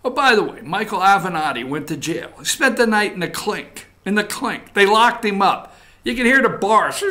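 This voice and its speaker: Man, high voice, bright and forceful, mocking political commentary, muttered asides. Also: animated, moderate pace. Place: studio.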